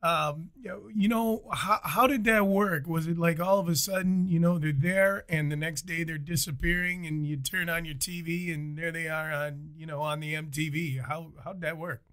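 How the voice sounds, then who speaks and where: A man's voice: a little high, fairly even intonation, moderate pace, few pauses, fairly bright tone. A male host asking casual, hesitant interview questions full of fillers.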